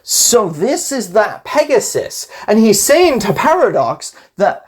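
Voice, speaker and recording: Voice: medium pitch, very animated, measured pace, hardly any pauses. A gaming creator casually retelling a card game story event, rambling animatedly, acting out scenes in quoted voices and laughing often.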